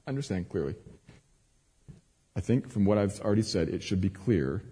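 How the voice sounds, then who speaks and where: A man preaching a sermon as a pastor, moving between quiet earnest teaching and raised, emphatic cries. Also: sits low, breathy edge. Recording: long hall reverb.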